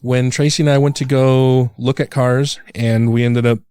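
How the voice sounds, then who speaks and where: A man in his thirties with a smooth, resonant voice, chatting as a podcast co-host. He rambles through stories full of fillers and jokes at his own expense. His pitch leaps whenever he acts out his own worry, and the sound is dry and close. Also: flat delivery, normal speed, mellow, no room sound. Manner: rambling, self-deprecating storytelling with lots of fillers; jumps high when acting out his own panic. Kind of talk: casual chat.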